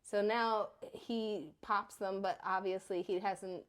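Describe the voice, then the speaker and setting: A woman in her thirties chatting casually on a podcast, telling animated stories about her kids. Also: mid-range voice, takes it slowly. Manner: animated storyteller, acts out her kids' voices. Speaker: podcast co-host. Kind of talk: casual chat.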